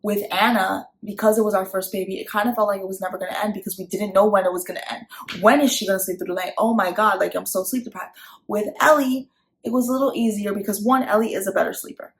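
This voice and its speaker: A young mother talks through parenting tips in a relaxed, chatty vlog. Her voice sits in a middle register with a gravelly, fry-touched edge. She turns animated when she acts out quotes. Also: mid-range voice, quick pace, low-quality recording. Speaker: parent vlogger. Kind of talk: casual parenting advice chat.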